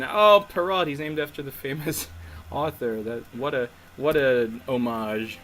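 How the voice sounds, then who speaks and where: A man's voice: medium pitch, unhurried, a bit bright, slight background noise, rough recording. A man commenting casually on a story game he is playing, rambling and trailing off with chuckles. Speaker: game streamer. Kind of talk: let's play commentary. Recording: faint music underneath.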